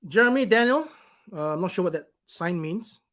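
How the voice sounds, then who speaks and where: A man's voice: high voice, expressive, moderate pace, a bit bright. Blunt, irritated man on a live stream. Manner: irritated, blunt, swears, rambling. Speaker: company owner hosting a live stream. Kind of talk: casual live stream, reading viewer comments.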